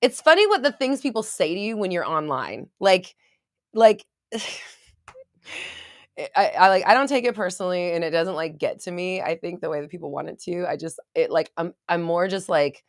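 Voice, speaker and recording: A young adult woman talks straight into the mic on a livestream, candid and easygoing, laughing often and swearing casually. Her voice sits slightly low for a woman. The sound is close and dry, with almost no room echo. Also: animated, brisk. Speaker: manifestation coach and online creator. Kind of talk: casual livestream chat reading comments.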